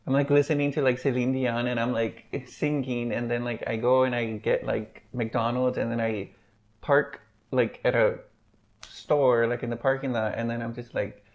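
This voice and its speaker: Male podcast guest, casual and rambling, heavy "like" filler, mid pitch, muffled lo-fi audio. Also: little pitch movement. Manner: rambling, fills every pause with "like". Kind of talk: casual chat.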